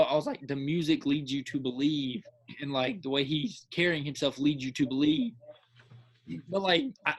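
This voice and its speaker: A man co-hosting a podcast, chatting casually and excitedly, rambling with lots of filler and acting out his own reactions. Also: fairly high pitch, husky. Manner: repeats filler words. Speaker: podcast co-host. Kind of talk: casual chat.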